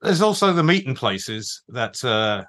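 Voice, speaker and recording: Male podcast co-host, wry and relaxed, voice getting hoarse, mid-pitched. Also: unhurried. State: losing his voice. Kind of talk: casual podcast chat.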